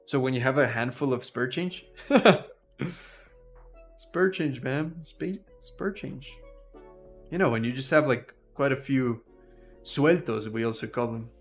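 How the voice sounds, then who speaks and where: A man's voice: mid-range voice, unhurried, long pauses. Young male streamer, rambling and laughing, faint music underneath. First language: Spanish. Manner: rambling, laughs at his own tongue-twister slips. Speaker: livestream host. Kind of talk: casual live-stream chat.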